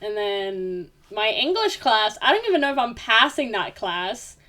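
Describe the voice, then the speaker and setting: A woman's voice: a little high, very animated, unhurried, sharp tone. A young woman vlogging in a casual, rambling way, full of fillers, turning heated and emphatic as she vents. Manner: rambling, many fillers, grows heated and emphatic when ranting. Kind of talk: casual venting monologue.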